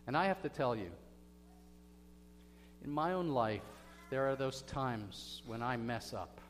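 Pastor preaching in an echoey church. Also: male voice, mid-range voice, lively intonation, a little slow, soft background music. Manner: dramatic storytelling, swings from hushed to loud. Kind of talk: sermon. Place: church sanctuary. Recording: echoey hall with faint hum.

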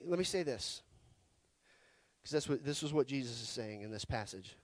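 A male pastor preaching a conversational sermon, asking his listeners questions and swinging from loud to soft. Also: medium pitch, moderate pace, no echo. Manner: animated, rhetorical questions, wide swings in loudness.

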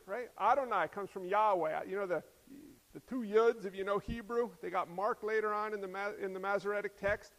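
A pastor with a fairly high voice delivers his sermon in a relaxed, conversational way. He slips light humorous asides in between points. His voice rings out with long reverb in a hall. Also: a little fast.

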